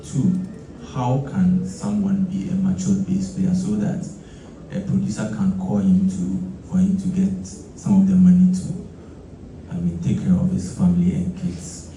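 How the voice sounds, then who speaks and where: A man interviewing a musician, asking questions in a slow, deliberate way. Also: lowish voice, sing-song, mellow, soft background music. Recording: very echoey room, distant mic.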